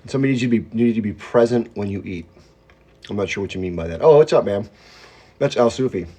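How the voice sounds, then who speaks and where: Speaking into a phone at home, a man runs a casual livestream, greeting commenters by name and rambling with his mouth full. A self-proclaimed hyped-up talker, he talks fast and animatedly in a fairly low, dark, slightly rough voice.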